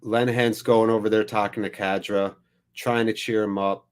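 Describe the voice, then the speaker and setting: A man's voice: fairly low pitch, little pitch movement, moderate pace, clear, resonant tone. A man hosting a live football watchalong, giving wry, self-deprecating commentary on the match. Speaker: watchalong host.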